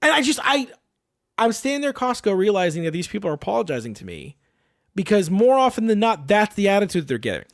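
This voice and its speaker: A man's voice: sits high, fast talker, gravelly, no echo, clean studio sound. A man co-hosting a podcast, telling a story in casual chat, acting out voices and swearing freely. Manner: animated storytelling, acts out voices, swears a lot. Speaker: podcast co-host.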